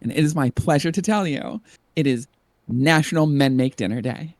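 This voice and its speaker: A man's voice: on the high side, moderate pace, a little mellow, no echo. Man, from the northern East Coast, podcast host, playful, teasing, dry mic. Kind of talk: casual chat among friends.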